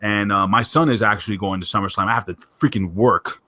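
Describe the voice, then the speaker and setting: Excitable bright-voiced male podcast host. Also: on the low side, fairly quick. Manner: excitable, emphatic, jokey. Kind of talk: casual wrestling podcast chat.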